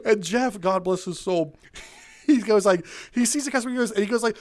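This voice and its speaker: A man hosting a gaming video, telling animated stories from work and laughing as he goes. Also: sits high, normal speed. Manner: animated, laughs through his own stories. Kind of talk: casual storytelling while playing a VR game.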